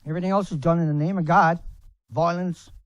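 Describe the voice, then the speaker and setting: Angry man, ranting, swearing, bursts of shouting, high-pitched, dry close sound. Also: steady tone, fairly quick, no room sound, highs cut off. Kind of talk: angry rant to camera.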